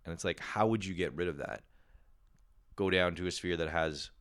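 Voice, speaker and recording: A man's voice: low voice, moderate pace, a bit bright, smooth. A man hosting a podcast, delivering a rambling, profane comic monologue full of "you know" and "right.". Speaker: podcast host.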